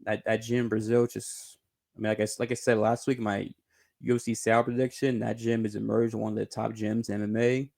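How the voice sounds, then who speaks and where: A man hosting his own sports channel talks through fight news as casual reaction commentary, rambling, correcting himself, swearing casually, and bursting into high giggling laughter. His voice is creaky and darkish, with a level tone and a slightly fast pace.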